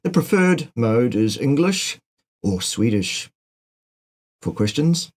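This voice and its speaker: A man's voice: medium pitch, sing-song, slow. A man hosting a live Q&A chat, joking, sardonic and swearing freely. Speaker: show host.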